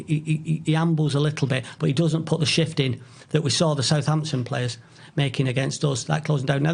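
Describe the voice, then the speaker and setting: A middle-aged man with a gravelly edge and a voice set a little high. He speaks as a guest in a relaxed podcast chat, giving firm opinions while stumbling over restarts. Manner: halting, many restarts, opinionated. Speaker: guest, football author.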